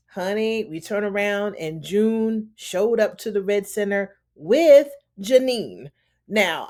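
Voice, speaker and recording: A woman in the middle of a casual TV episode recap, her pitch sitting right in the middle range. She talks loosely and chattily, peppering her retelling with "you know" and "honey" and slipping into the characters' lines as she goes. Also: darkish tone. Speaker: TV recap host.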